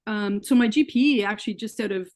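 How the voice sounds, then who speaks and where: A woman's voice: mid-range voice, fairly quick, darkish tone. Earnest woman telling her story. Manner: earnest storytelling, acts out quoted dialogue. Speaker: interview guest. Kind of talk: personal story in an interview.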